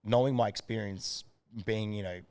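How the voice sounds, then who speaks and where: Animated Australian man telling stories. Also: lowish voice, normal speed, clear, resonant tone. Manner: animated storyteller, swears freely. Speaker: strength and conditioning coach, guest. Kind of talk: casual podcast chat.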